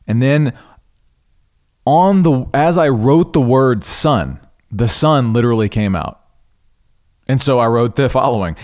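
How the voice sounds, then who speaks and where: A man hosting a podcast, earnestly recounting a personal spiritual experience in an unhurried way, pausing and restarting mid-thought. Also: mid-range voice, animated, a little mellow. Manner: spiritual, devout tone. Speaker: podcast host. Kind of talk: reflective personal storytelling.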